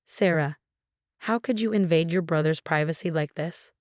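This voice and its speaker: A protective middle-aged mother pleads and scolds in a spoken story, read out by a woman. Her voice sits a bit low and sounds close and dry. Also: normal speed, dry recording, natural voice. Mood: reproachful. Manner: pleading, reproachful.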